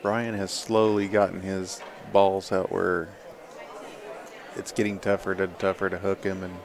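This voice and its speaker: A man giving measured, laid-back play-by-play commentary on a pool match. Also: deep voice, little pitch movement, creaky, some chatter behind.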